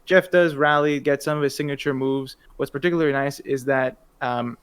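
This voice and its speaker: A man co-hosting a podcast, commenting on wrestling matches in a measured, wry way. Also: mid-range voice, fairly even intonation, clear, resonant tone. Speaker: podcast co-host. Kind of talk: casual wrestling review chat.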